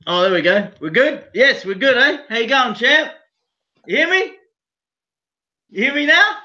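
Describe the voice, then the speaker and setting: Brief: loud, profane Australian bloke calling in, bright high voice, muffled line. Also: male voice, lively intonation, normal speed. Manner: rowdy, profane, rambling, says mate constantly. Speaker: call-in guest. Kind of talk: crude casual banter.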